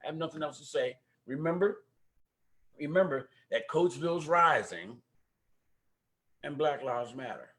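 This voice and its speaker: Energetic older man hosting a livestream. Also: fairly high pitch, moderate pace, long pauses. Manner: warm preacher-like exhortations. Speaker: host of a community talk show. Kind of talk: casual livestream talk. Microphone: microphone at home.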